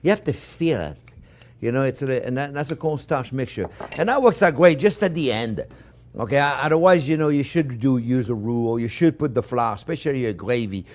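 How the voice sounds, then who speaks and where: A man's voice: medium pitch, animated, a little fast, a little mellow. A man with a French accent, a chef giving a chatty cooking demonstration in a kitchen, repeating himself and talking to viewers as friends.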